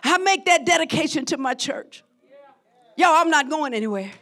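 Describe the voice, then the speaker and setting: A middle-aged woman pastor preaching a sermon, swinging between shouted, impassioned declarations and soft, low passages. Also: lively intonation, moderate pace. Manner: drops to a soft, low, intimate tone.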